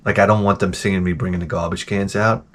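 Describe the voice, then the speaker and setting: A man's voice: sits low, fairly even intonation, fast talker, a little hiss or hum. A middle-aged man hosting his own show, grumbling through a profane, exasperated casual rant. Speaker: show host. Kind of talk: casual ranting monologue.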